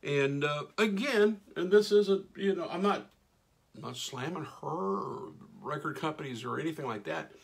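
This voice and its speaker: A middle-aged man, a radio host reading live comments, runs a casual live stream, calling out viewers' names with folksy enthusiasm. His fairly high, gravelly, husky voice keeps a moderate pace even as he's losing it and it wears thin.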